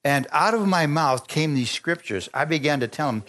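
A man preaching a sermon, telling stories with lively energy, stopping often to restart phrases and calling for amens. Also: a little high, normal speed, few pauses. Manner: animated storytelling with frequent restarts and calls for amen.

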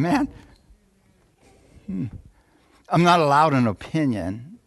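A male pastor preaching a sermon, calling for amens, chuckling at times and reading scripture slowly. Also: a little high, no room sound.

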